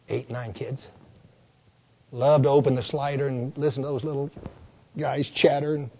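An older man preaching a sermon, telling folksy stories and stressing points through slow, repeated lists. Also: medium pitch, mellow. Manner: folksy storytelling, slow emphatic lists and repetitions. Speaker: pastor.

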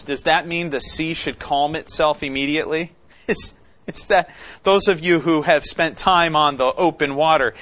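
A man's voice: on the high side, fairly bright tone. A man preaching an expository sermon, teaching conversationally and asking questions of the congregation. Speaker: pastor.

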